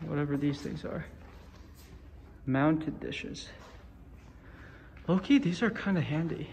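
A man's voice: fairly high pitch, animated, slow pace, pauses often, darkish tone. Young guy kinda out of breath, joking around a museum, lots of background noise. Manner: chatty, wry asides, exclamations. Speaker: vlogger. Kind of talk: casual vlog commentary while walking. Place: campus buildings and museum, indoors.

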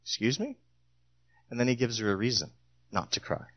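A middle-aged man preaching a sermon in a church, telling stories with lively acted-out quotes. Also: lowish voice, quick pace, lo-fi sound. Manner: storytelling, animated, acts out voices in quotes.

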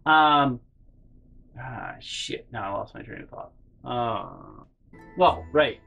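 A man's voice: medium pitch, slow pace, vocal fry, highs cut off, soft background music. A man hosting a storytime vlog, rambling and swearing as he tells family anecdotes. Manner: rambling, profane, animated. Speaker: channel host.

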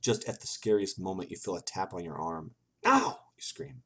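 A man's voice: sits low, fairly quick, darkish tone, a little hiss or hum. A man reading an old computer game's text aloud and reacting to it with sarcastic, swearing asides. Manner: sarcastic, swearing, laughing at the game. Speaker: gaming video host.

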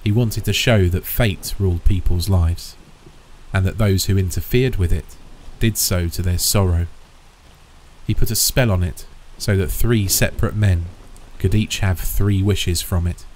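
A man's voice: low-pitched, darkish tone, slight background noise, rough recording. A man voicing a grave old soldier. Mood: solemn warning. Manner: slow and solemn. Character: grave old male soldier, solemn and warning.

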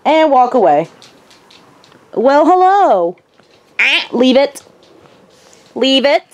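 A woman's voice: sits high, sing-song, slow pace. A young woman vlogging casually, giving her dog short firm commands and sing-song praise.

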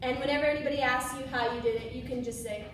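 A woman's voice: sits high, fairly even intonation, rapid-fire, noisy background. A woman teaching swing phrasing to musicians in a casual way, correcting herself and singing syllables to demonstrate. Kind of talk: instructional demonstration. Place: room with a board. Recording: echoey room, mic set far off.

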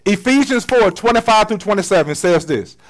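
Male pastor, high voice, conversational church sermon, loud-to-soft swings. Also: lively intonation, brisk, low-quality recording. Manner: conversational preaching with slang, swings from loud to hushed. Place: church sanctuary.

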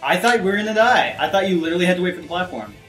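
A man's voice: sits high, very animated, rapid-fire, a bit bright. A man casually chatting while playing a video game, laid-back and chuckling. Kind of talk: casual gaming chat. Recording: roomy with game music behind.

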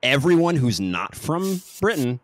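A man with an American accent co-hosting a podcast in casual chat, animated and quick to laugh. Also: fairly high pitch, dry recording, clean studio sound. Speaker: podcast co-host.

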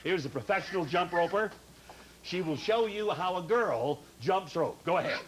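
Heard first through the hiss of an old, noisy broadcast recording, a man with a high voice hosts a children's TV show. He leads a studio full of kids through games and keeps up a stream of teasing jokes and quick asides. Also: expressive. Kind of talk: playful banter leading kids in games.

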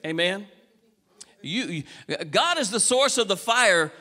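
Man, pastor, sermon, high bright voice, folksy questions to the pews, long church reverb. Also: lively intonation, a little slow. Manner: folksy preaching with rhetorical questions to the congregation; swings between soft conversational talk and raised, urgent exhortation. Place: church sanctuary.

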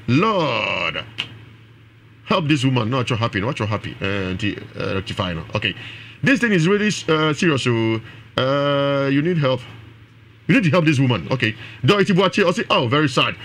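A Ghanaian man presenting a live radio talk show, reading out listeners' names and comments in an expressive way. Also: fairly high pitch, brisk, a little hiss or hum. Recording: radio broadcast.

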